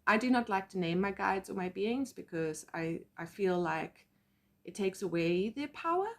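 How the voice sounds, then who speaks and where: A woman with a South African accent telling personal stories as a psychic medium, animated and acting out quotes. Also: mid-range voice, normal speed. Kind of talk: casual storytelling vlog.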